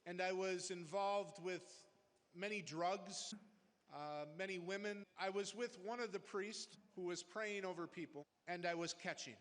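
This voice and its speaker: High-voiced man in a reverberant hall. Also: a bit bright. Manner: plain, deliberate storytelling. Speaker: witness giving testimony. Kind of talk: personal testimony.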